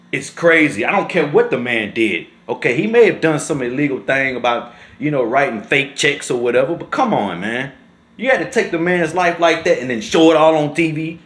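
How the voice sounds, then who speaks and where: A man vlogging in an impassioned, emotional rant, his voice sitting a little high for a man. He keeps tagging his lines with "man". The sound bounces around a roomy space. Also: a bit bright. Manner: impassioned, repeats "man" often.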